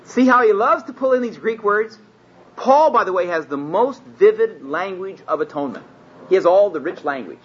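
A man teaching scripture in a sermon, earnest and emphatic, slowing down and rising in pitch when he reads the text aloud. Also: expressive. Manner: earnest, emphatic, slows and rises on quoted scripture. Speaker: Bible teacher. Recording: dull lo-fi recording with faint hiss.

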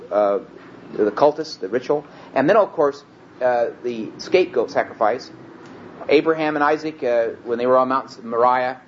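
A man teaching scripture in a sermon, earnest and emphatic, slowing down and rising in pitch when he reads the text aloud. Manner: earnest, emphatic, slows and rises on quoted scripture. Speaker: Bible teacher. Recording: dull lo-fi recording with faint hiss.

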